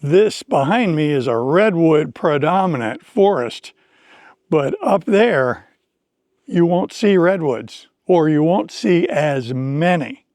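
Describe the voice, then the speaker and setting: A man teaching English in slow, deliberate, clearly explained speech while hiking outdoors on a forest trail. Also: a little high, lively intonation, darkish tone, dry recording.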